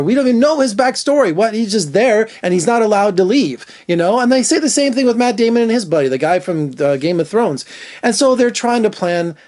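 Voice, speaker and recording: A man's voice: high-pitched, darkish tone. A man giving a casual, opinionated movie review as a film critic, talking loosely with lots of fillers and restarts.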